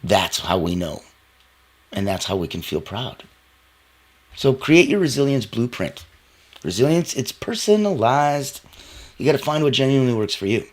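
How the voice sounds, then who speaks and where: A man giving a motivational talk, coaching listeners directly in an emphatic, animated way. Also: medium pitch. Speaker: motivational speaker.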